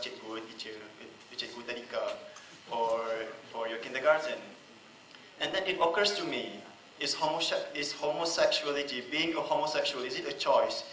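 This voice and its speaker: A man's voice: medium pitch, a bit bright. A young male law student asking a polite, hesitant question from the floor of a debate. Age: young adult. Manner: hesitant, many fillers, polite. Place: large echoey hall. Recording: echoey hall with faint background noise.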